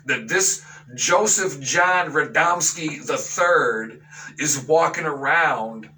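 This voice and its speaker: A man's voice: fairly high pitch, sharp tone, recorded from a distance, low-quality recording. A man hosting a talk radio show, ranting with outrage and sarcasm and slipping into mocking voices. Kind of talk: opinion talk radio monologue.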